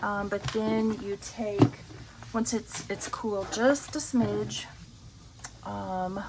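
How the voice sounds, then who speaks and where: Casting note: unhurried woman budget vlogger, easygoing talk, faint hiss behind her. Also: mid-range voice, fairly even intonation, darkish tone, rough recording. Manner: slow, rambling, many ums. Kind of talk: casual chat while counting cash. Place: home.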